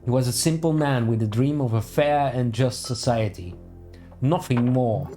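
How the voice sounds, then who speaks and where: Man doing a gruff dwarf foreman, higher, slow, indignant, proud, quick to anger. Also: dark tone, faint music behind, close to an everyday voice. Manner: indignant, drawn-out and raised.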